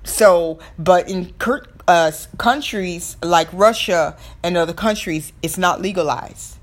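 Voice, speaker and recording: A woman's voice: fairly low pitch, unhurried. Chatty Southern woman podcasting. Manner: chatty, rambling, frequent fillers and restarts. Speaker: podcast host. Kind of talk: casual solo podcast talk.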